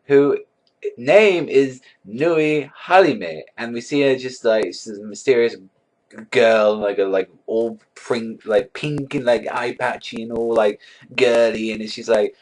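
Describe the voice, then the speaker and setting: A man giving a casual, rambling anime episode review, swearing often and filling his talk with likes and ums. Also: on the low side. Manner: rambling, swears a lot, many likes and fillers. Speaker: anime reaction vlogger.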